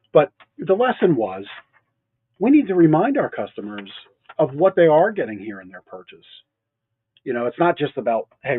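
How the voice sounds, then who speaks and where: A man with a husky, slightly breathy voice talks shop in an easygoing, joking way, dropping sarcastic asides as he goes. The sound is dry and squeezed into a narrow, phone-like band. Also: mid-range voice, no echo. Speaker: mattress store owner co-hosting a local show. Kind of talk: casual business chat.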